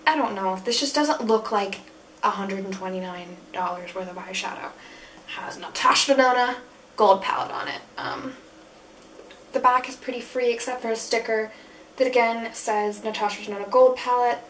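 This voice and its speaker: A young woman with a fairly high voice talks her way through a product review. She is chatty and frank, with plenty of fillers. Her voice sits a little back from the mic, with faint room noise behind it. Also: moderate pace, fairly bright tone, far from the mic. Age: young adult. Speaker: beauty vlogger. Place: room at school.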